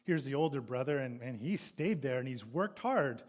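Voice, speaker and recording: Delivering a sermon at normal speed, this male pastor has a medium-pitched, animated voice with a darkish tone. He reads from scripture, retells the passage, and now and then raises his voice to act out the sons' complaints.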